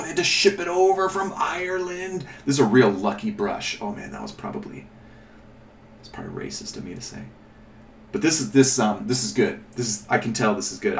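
A man's voice: medium pitch, vocal fry, a little hiss or hum. A man hosting a casual miniature painting tutorial, chatting and thinking aloud as he rambles and corrects himself. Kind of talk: casual show-and-tell tutorial. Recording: echoey room, mic at a distance.

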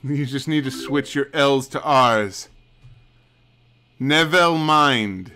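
A man streaming a co-op game who talks slowly and loosely, cursing now and then as he chats. His voice is bright and forward, with a middling pitch. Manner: chatty, swears, reads on-screen dialogue aloud with laughs. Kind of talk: casual gameplay commentary.

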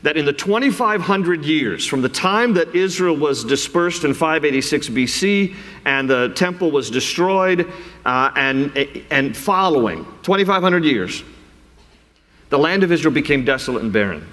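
A man preaching a sermon in a measured, explanatory way, reading scripture aloud, in a reverberant hall. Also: fairly high pitch, lively intonation, a bit bright. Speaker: pastor.

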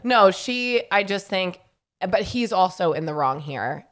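A woman co-hosting a podcast in a casual advice chat, with a voice of middling pitch for a woman. She talks in a loose, chatty way, laughs often and reads listener questions aloud. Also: animated, measured pace, a bit bright. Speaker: podcast co-host.

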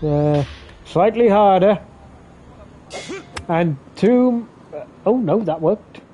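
A man commentating his own video game play on a live stream, swearing often and getting excitable. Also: sits high, drawn-out words, highs cut off, a little hiss or hum. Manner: sweary, excitable, talks to himself while playing.

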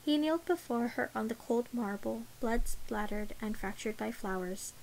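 Woman reading a novel out loud, kinda high voice, steady pace, light hiss. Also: moderate pace, vocal fry, poor audio. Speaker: audiobook narrator. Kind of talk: audiobook narration.

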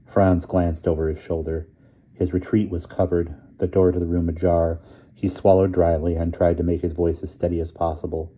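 A man reading a storybook aloud in a measured, plain way. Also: sits low, level tone, warm tone, breathy edge, muffled recording. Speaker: audiobook reader.

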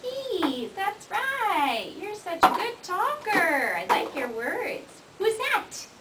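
Woman, speech therapist, sing-song coaxing voice, slow and clear for a child; echoey room, far camera, noisy home video. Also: extremely high pitch, sing-song. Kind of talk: coaching a child to say words.

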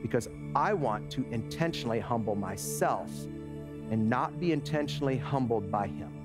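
A man in his forties preaching a sermon as pastor, telling lively stories before slowing to a quiet, earnest close. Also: mid-range voice, over loud music. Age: 40s. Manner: animated storytelling that drops to a quiet, slow, earnest close.

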